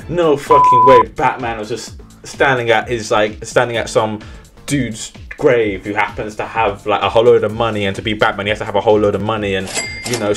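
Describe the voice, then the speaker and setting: A young man recapping a film in casual, rambling commentary, swearing and mocking himself. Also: fairly low pitch. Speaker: movie reviewer.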